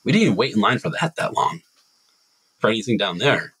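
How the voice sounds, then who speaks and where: A man from Massachusetts hosting a podcast, telling a long story in animated casual chat. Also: on the low side, fairly quick, slightly rough, low-quality recording. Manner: rambling animated storytelling with restarts.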